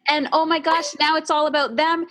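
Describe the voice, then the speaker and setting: A woman's voice: sits high, little pitch movement, fairly quick, a bit bright. A woman hosting a casual podcast interview, speaking openly about her own experiences. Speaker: podcast host.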